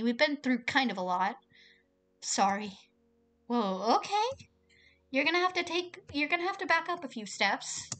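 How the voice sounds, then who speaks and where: A woman's voice: a little high, fairly bright tone. A young woman streaming herself playing a visual novel at home. She reads the game text aloud and breaks off into chatty, exasperated asides.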